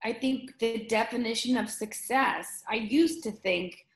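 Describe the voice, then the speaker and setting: A woman's voice: on the high side, measured pace. Earnest middle-aged woman, roomy sound. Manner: earnest, emotional storytelling with many restarts. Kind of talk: casual conversation. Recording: roomy echo.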